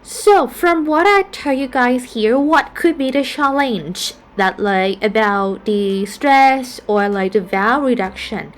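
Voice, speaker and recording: A woman's voice: a little high, slow pace, hardly any pauses. A woman who speaks English as a second language, teaching a phonetics lesson and saying each example word twice with care. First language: not English. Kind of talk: slow spoken lesson.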